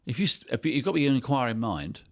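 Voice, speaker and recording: A man's voice: mid-range voice, lively intonation, rapid-fire. An English man in his fifties, a company CEO telling his career story as a podcast guest in a chatty, anecdotal way. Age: 50s.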